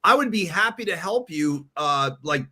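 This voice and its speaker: Bright-voiced animated male podcast host. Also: on the high side, husky. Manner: animated, quick to do impressions of others. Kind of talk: casual sports and music chat.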